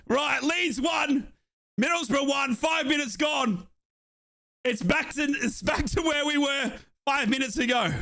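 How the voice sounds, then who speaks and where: A man hosting a live match watchalong, calling the play and breaking into excited shouts at big moments. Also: very high voice, slow pace, vocal fry, pauses often. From Australia. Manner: excitable, bursts into shouting at goals. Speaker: watchalong host.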